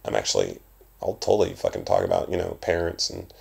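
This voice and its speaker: A young adult man with a Southern US accent, hosting his own podcast in a casual, profane, rambling monologue with bursts of loud emphasis. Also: low-pitched, very animated, fast, creaky, slightly rough. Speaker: podcast host.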